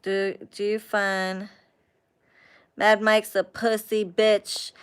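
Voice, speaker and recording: A woman talks to her live chat in a smooth, clear voice. She rants with lots of swearing, loose and animated, jumping between asides and questions to viewers. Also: medium pitch, takes it slowly. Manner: profane, animated ranting, frequent swearing. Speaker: live stream host chatting with viewers.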